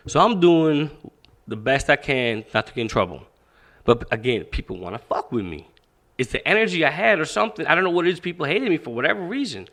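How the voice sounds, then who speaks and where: Animated man telling a story, swearing freely. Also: fairly high pitch, quick pace. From Pakistan. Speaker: podcast guest, boxing coach. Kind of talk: casual storytelling.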